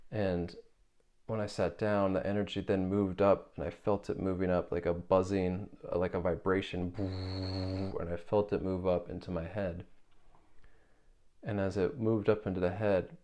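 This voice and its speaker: A young man earnestly telling a personal spiritual story, halting and repeating words as he searches for how to describe it. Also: deep voice, darkish tone. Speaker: spiritual video creator.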